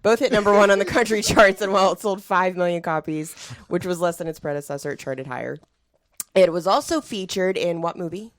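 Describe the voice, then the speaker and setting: A woman's voice: fairly low pitch, a little fast, no room sound. A woman co-hosting a casual chat, with a wry, dry humor. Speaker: podcast co-host.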